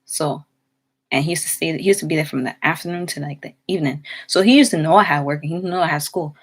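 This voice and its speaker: A woman's voice: low-pitched, quick pace, slightly rough. A young woman casually telling a personal story, rambling with many fillers and restarts. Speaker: vlogger.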